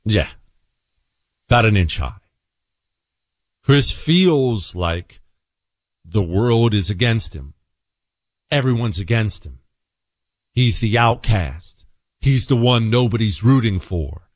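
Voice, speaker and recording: A man hosting a political commentary monologue, telling an animated story and acting out characters. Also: on the low side, slow, long pauses, no echo, studio quality. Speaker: political talk show host.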